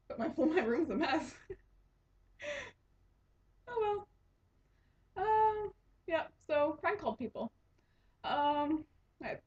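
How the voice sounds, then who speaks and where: A young woman hosting a casual knitting podcast, telling a rambling story with lots of giggles and restarts. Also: high voice. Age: young adult. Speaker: podcast host and resident assistant. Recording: dull lo-fi home recording.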